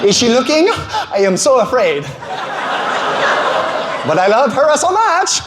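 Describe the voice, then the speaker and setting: A man putting on his gentle, timid father, who speaks in a soft, upbeat, nervous way. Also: very high-pitched, big pitch swings, a little slow, pitched above the performer's own voice, heavily acted. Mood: nervous confiding. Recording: roomy hall with background noise.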